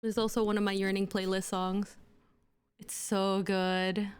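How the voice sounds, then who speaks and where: A woman's voice: mid-range voice, flat delivery, unhurried, clean tone. A young adult woman livestreaming, chatting casually and gushing to her viewers, full of fillers. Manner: bubbly, gushing, filler-heavy. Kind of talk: casual stream chat with viewers.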